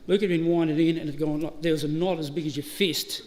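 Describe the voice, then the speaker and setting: A middle-aged Australian man gives a chatty, story-filled eulogy at a funeral, laughing and restarting as he goes. His voice is a little high and darkish, with a steady tone and a quick pace. The live stream carries hall reverb and slight background noise.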